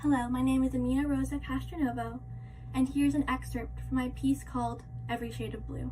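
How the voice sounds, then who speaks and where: A woman's voice: sits high, level tone, fairly quick, mellow, slight background noise, poor audio. A teenage girl reading her own poetry from home, lyrical and intense. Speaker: mentee poet.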